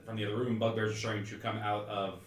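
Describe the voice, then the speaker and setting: A man narrating as game master of a tabletop game, talking haltingly with many fillers and restarts. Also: fairly low pitch, little pitch movement. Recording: roomy stream audio with faint music.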